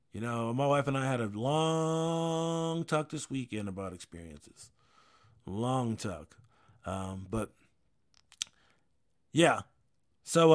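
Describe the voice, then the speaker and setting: A man's voice: on the high side, fairly bright tone. A man in his thirties hosting a casual talk show, rambling with many restarts and frequent swearing. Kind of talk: casual chat.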